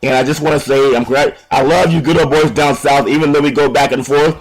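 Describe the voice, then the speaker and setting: A man hosting a casual sports radio talk show in an upbeat, folksy, rambling way, giving shout-outs to listeners. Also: mid-range voice, fairly even intonation, fairly quick, low-quality recording.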